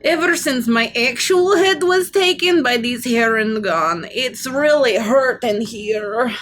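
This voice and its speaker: A woman's voice: a little high, expressive, slow pace, fairly bright tone, voice pushed up, full character voice. Woman voicing a gourd-headed scarecrow. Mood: plaintive. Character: scarecrow with a rattling gourd head, childlike.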